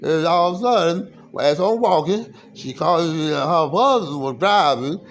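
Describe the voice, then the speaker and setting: A man with a noticeably high-pitched voice gives his side of the story at length, with lively intonation. He rambles, stumbles and restarts often, repeating phrases and using fillers in a halting way.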